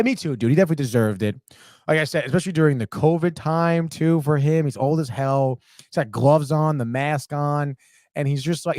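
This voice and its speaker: Here a young sports podcast host speaks in a medium-pitched, slightly mellow voice, recorded dry with studio quality. His casual live sports talk wanders and gets heated, with plenty of swearing and frequent "dude"s.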